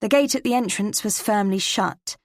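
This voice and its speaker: A woman with an English accent, narrating a cozy mystery in first person with measured, crisp delivery. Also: medium pitch, no echo, clean studio sound. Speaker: audiobook narrator.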